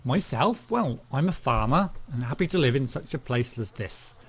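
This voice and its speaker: A man's voice: mid-range voice, lively intonation, moderate pace, breathy edge. A man voicing a friendly, contented village farmer in a game, with a put-on rustic country accent and a drawl. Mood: homely.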